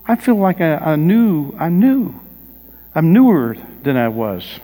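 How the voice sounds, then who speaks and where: A man's voice: fairly high pitch, very animated, takes it slowly, mellow. A male pastor preaching a sermon, telling personal stories with rising emphasis and asking the congregation questions. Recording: long reverb of a large hall.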